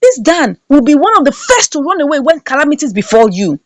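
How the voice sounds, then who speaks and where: A woman's voice: sits high, big pitch swings, fairly quick, no room sound. A woman recapping a film, commenting in an indignant, emphatic way and repeating lines for effect. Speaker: movie reviewer. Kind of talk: animated movie recap and commentary.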